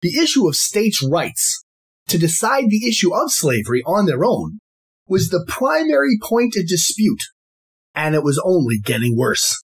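A man hosts his podcast with a husky, slightly breathy voice. His pitch swings widely as he stresses point after point. He reads a prepared script in a deliberate, formal, emphatic manner. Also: very animated. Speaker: podcast host.

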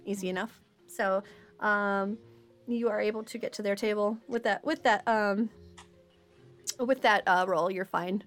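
A woman runs a tabletop game, narrating scenes in a hesitant way and pausing often on fillers. Her voice sits at a middle pitch for a woman. Faint background music plays under her narration. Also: steady tone. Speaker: game master.

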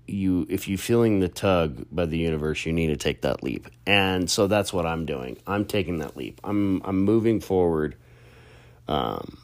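A man's voice: low voice, animated, normal speed. A young adult man and content creator, talking in a casual, chatty monologue full of restarts and fillers.

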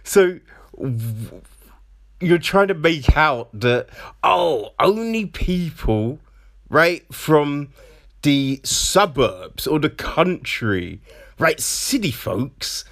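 Extremely slow and a bit bright, a slightly high, sing-song male voice chats his way through a film review. He keeps asking "right?" after his points and breaks into mocking voices.

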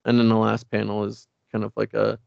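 A man's voice: fairly low pitch, monotone, a little fast, vocal fry, no echo, muffled recording. A man co-hosting a casual podcast chat, recapping a comic and reading its dialogue aloud with many fillers. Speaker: podcast co-host.

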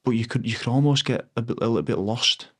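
A man in his thirties with an ordinary, middle-pitched voice, speaking as a guest on a conversational podcast. His delivery is reflective and earnest. He circles back and restarts his sentences while he searches for the right words. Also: quick pace. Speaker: podcast guest, former rugby player.

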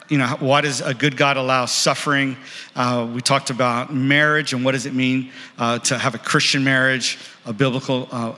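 A man's voice: mid-range voice, sharp tone. A man leading a church service, introducing a guest speaker in a rambling, friendly way. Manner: rambling, friendly, full of fillers. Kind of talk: church announcements. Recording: reverberant church hall.

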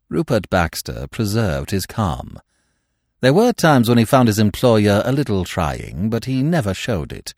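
Male audiobook narrator, wry and expressive, animated delivery, dry studio sound. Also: lowish voice, a little slow, no room sound.

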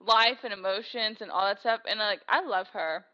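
A woman's voice: medium pitch, normal speed, sharp tone, muffled recording. A young woman co-hosting a podcast, chatting casually in a gushing, emotional way with lots of "like" fillers. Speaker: podcast co-host. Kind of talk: casual chat.

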